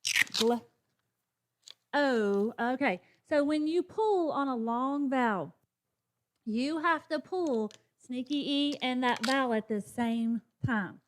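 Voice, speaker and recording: Speaking slowly in a high, expressive voice over background noise, a woman teacher demonstrates phonics for colleagues. She sounds out letters and models classroom chants as part of professional development.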